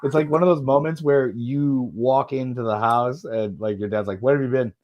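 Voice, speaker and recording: A man co-hosting a casual podcast chat during a football match, rambling, swearing and trailing off softly. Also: mid-range voice, normal speed, highs cut off. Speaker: podcast co-host.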